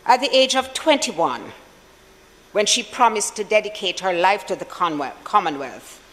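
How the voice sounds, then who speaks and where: Slow, solemn Jamaican senator in a chamber. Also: medium pitch, expressive, sharp tone, long reverb tail, rough recording. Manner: slow, measured and solemn, with deliberate pauses. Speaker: opposition senator. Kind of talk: formal tribute speech in parliament.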